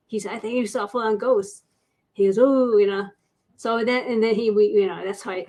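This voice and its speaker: A woman guest on an interview show, a paranormal investigator telling stories in a chatty way and acting out the voices of people she quotes. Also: on the high side. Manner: chatty, acts out quoted voices, laughs often. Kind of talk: casual storytelling interview.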